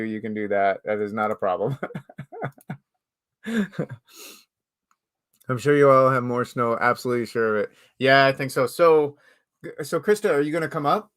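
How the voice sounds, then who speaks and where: A man hosting a casual live-stream chat, talkative and quick to laugh. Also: medium pitch. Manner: chatty, laughs easily. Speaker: live show host.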